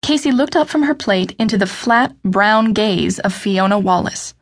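A woman narrating an unabridged novel audiobook in a steady, measured storytelling voice. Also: medium pitch. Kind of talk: scripted narration.

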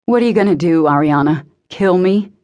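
A woman's voice: lowish voice, expressive, a little fast, a little mellow, natural voice. A woman voicing a bitter, hostile teenage boy who spits cold contempt. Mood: spiteful.

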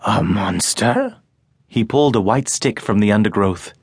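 A man narrating a children's audiobook in a measured storytelling manner. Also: fairly low pitch, darkish tone, no room sound. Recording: dry studio recording.

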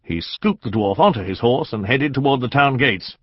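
A man reading a historical novel aloud as an audiobook narrator, measured and dramatic. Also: mid-range voice, expressive, husky, dry recording, dull audio. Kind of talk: scripted narration.

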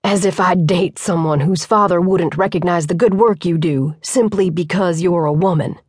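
A woman's voice: lowish voice, normal speed, a little mellow, breathy edge, no room sound, studio quality. A woman narrator doing a tired young male site manager. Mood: earnest. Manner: earnest, weary.

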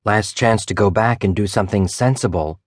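A dry, joking teenage boy, as a man narrating an audiobook puts him on. He mutters his jokes with a wry edge. The voice is low and close, with no room sound around it. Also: fairly quick, no echo, natural voice.

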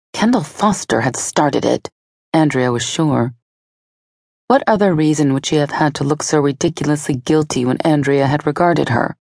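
A woman narrating an audiobook in a steady, even storytelling delivery on a close studio mic. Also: deep voice, vocal fry, no room sound.

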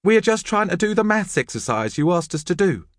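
A man's voice: high voice, sing-song, fairly quick, no room sound, clean studio sound, voice pushed up. A man voicing a sly schoolboy troublemaker who speaks with exaggerated politeness. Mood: innocent. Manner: mock-innocent, polite.

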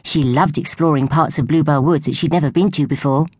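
A woman narrating a storybook for young children in a gentle, even way. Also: sits low, fairly quick, breathy edge, no echo. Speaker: audiobook narrator.

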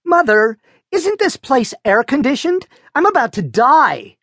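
A man doing a shrill melodramatic teen girl. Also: sing-song, measured pace, fairly bright tone, no room sound, clean studio sound, heavily acted. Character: dramatic whiny teenage girl, the older sister.

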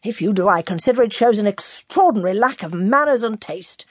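A stiff, blustering older gentleman, as a woman reader does him, formal and indignant in an audiobook. The voice is breathy and husky, with lively rises and falls, heard dry and close. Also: medium pitch, fairly quick, no echo.

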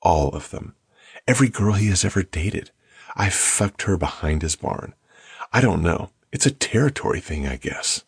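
Man playing a boastful young farmhand, quick talk, gravelly, husky, storybook reading. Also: sits low, expressive, dry recording, clean studio sound, pitched above the performer's own voice, full character voice.

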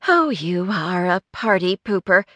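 A woman's voice: on the low side, big pitch swings, unhurried, a bit bright, dry recording, full character voice. A woman voicing a chatty, playful older woman who runs a shop.

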